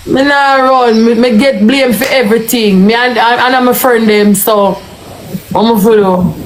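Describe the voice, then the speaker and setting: A woman's voice: a little high, normal speed, slight background noise, rough recording. A woman with a Jamaican accent, chatting offhandedly and defensively on a live stream. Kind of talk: casual chat.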